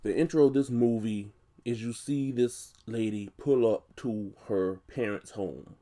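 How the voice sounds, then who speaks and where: A man's voice: on the low side, unhurried, dark tone. Laid-back man casually recapping a movie. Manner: chatty, loose and conversational, full of "you know" asides. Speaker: movie reviewer.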